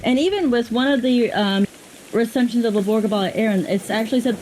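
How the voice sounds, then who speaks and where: A woman co-hosting a reaction stream as a historian, explaining a legend in casual, measured chat. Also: on the high side, background noise.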